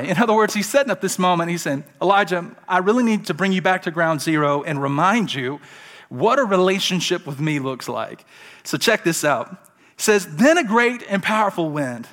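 A male pastor preaching a sermon, swinging between loud exclamations and soft whispers. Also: sits high.

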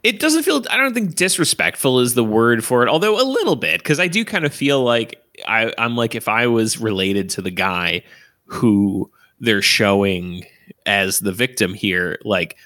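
A man's voice: mid-range voice, big pitch swings, moderate pace, pushed and bright, no room sound, studio quality. A young man chatting casually on a podcast, rambling, laughing often and swearing freely. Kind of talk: casual chat.

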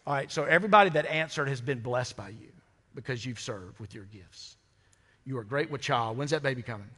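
A man's voice: mid-range voice, lively intonation, brisk, fairly bright tone, slightly rough. A man in a mid-range voice preaches to his congregation, easygoing and playful, asking the room questions as he goes. His words carry a long reverb off the walls of a church sanctuary. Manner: conversational, humorous preaching with rhetorical questions. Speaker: pastor. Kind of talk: sermon. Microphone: microphone.

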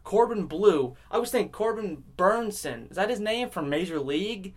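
A man hosting a podcast alone, rambling casually with constant swearing and swings between loud outbursts and low mutters. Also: animated, normal speed, husky. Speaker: podcast host. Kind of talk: casual rambling solo monologue.

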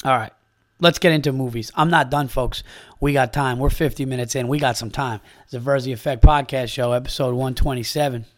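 A man's voice: medium pitch, fairly even intonation, brisk, no echo, studio quality. A man from upstate New York hosting a comedy podcast in casual chat, rambling and profane, with lots of fillers.

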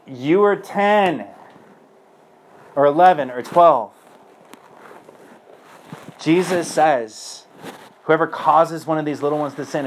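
Speaking as a priest, a young man with a lowish voice gives a personal testimony that is earnest and loosely conversational, full of fillers. There's slight background noise.

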